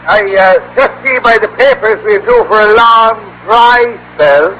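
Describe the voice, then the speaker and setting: An actor playing a folksy beat cop in a 1940s radio comedy, with a drawling, hinting manner. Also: male voice, sits high, a little slow. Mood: sly. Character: folksy adult male beat cop who wants a drink. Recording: muffled old radio broadcast with hiss.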